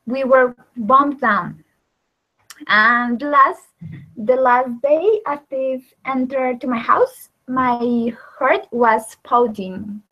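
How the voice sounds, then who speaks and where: A woman student reads her sentences slowly in a slightly high voice. She stops often, bridging gaps with short filler sounds. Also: lo-fi sound.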